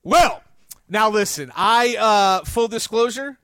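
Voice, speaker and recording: A man co-hosting a casual wrestling talk show, joking and animated, bursting into shouts when he gets fired up. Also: high voice, takes it slowly, smooth, no room sound, studio quality. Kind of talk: casual podcast chat.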